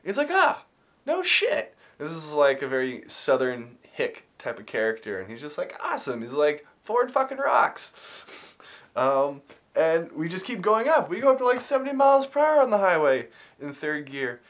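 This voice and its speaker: A man's voice: on the high side, normal speed. Man rambling through a personal story. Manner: rambling, with many fillers and restarts; animated when retelling tense moments. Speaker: vlogger. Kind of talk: casual storytelling to camera.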